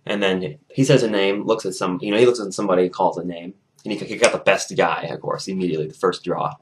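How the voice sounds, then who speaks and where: A young man with a lowish voice chats casually to his camera in a vlog. He rambles and restarts his sentences, and his retelling is lively and loose. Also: fast, slight background noise. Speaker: vlogger.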